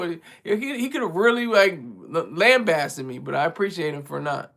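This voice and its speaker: A man's voice: sits high, normal speed, fairly bright tone. A man chatting casually on a livestream from home, rambling and self-deprecating, with many restarts. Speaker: livestream co-host and regular caller.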